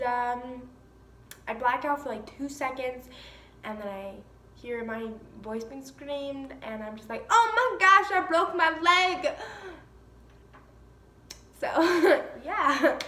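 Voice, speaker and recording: High-voiced young woman telling a story. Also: far from the mic, slight background noise. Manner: chatty, animated, laughing asides. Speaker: vlogger. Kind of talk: casual storytime. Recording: echoey room with faint ambience.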